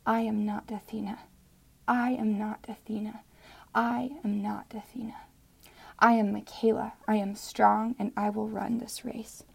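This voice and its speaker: Gravelly, husky woman reading her own poem. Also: mid-range voice, little pitch movement, unhurried. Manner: earnest, drops to whispers in the poem. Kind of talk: personal story and spoken-word poem.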